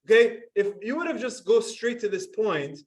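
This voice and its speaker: A man's voice: high voice, very animated, normal speed, distant mic, rough recording. A man teaching a Talmud class, explaining step by step and asking his students questions.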